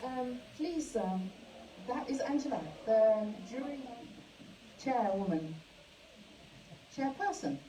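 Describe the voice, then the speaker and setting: A woman hosting a live awards ceremony. She speaks haltingly, with many fillers and restarts. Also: on the high side, lively intonation, noisy background. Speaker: awards host. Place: event hall. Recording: echoey hall, mic from a distance.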